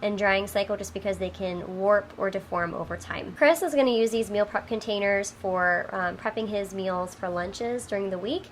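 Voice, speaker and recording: A woman's voice: medium pitch, normal speed, hardly any pauses, slight background noise. A woman in her thirties, sounding a little nasal from a cold, chatting upbeat with small fillers while she cleans her kitchen. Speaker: home vlogger. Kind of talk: casual talk over cleaning footage.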